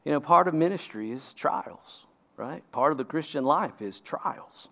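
A man's voice: on the high side, animated, unhurried, bright, forceful tone. A man preaching a sermon as a pastor, emphatic and often asking the congregation rhetorical questions.

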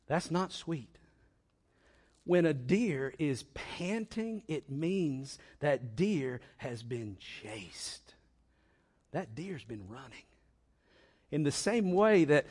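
Slow, impassioned male preacher. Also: on the high side, lively intonation. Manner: builds from quiet and slow to loud, impassioned preaching; dramatic pauses and repetition. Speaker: pastor. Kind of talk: sermon.

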